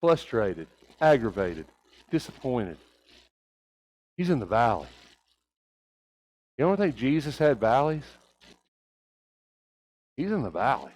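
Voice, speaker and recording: A man preaching a sermon, asking his congregation rhetorical questions and swinging between hushed and raised delivery, with a light Oklahoma Southern accent. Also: mid-range voice, sing-song, takes it slowly, long pauses, poor audio.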